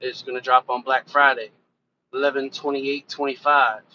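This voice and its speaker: A man's voice: medium pitch, flat delivery, moderate pace, sharp tone. A man hosting a casual live stream, talking loosely and directly to his viewers, cursing offhand as he rambles. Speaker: reaction channel host and rapper. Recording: dull lo-fi sound with faint background noise.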